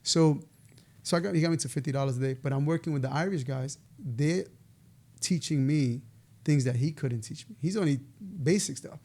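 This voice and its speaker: A man, telling stories in a casual, animated way as a podcast guest, laughing now and then. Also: on the high side, moderate pace. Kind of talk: casual storytelling interview.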